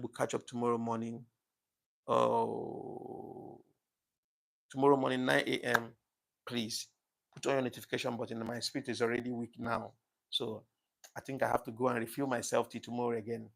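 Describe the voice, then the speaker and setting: Male livestream host, gravelly voice, thankful and apologetic, emotional, casual chat. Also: medium pitch, fairly bright tone. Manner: emotional, says things get to him easily. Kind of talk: casual live-stream chat reading comments.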